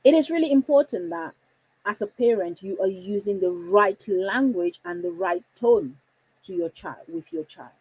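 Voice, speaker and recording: A woman coaching parents, talking emphatically and deliberately changing her tone and pace to stress key points. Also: mid-range voice, lively intonation, a little mellow, slightly rough, low-quality recording. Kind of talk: instructional talk to parents.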